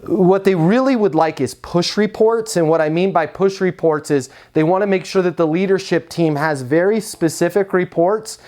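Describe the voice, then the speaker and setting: A man giving a conversational sales coaching talk and pitch, asking rhetorical questions along the way. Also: normal speed, hardly any pauses, a little mellow. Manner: conversational, asks rhetorical questions, acts out quotes.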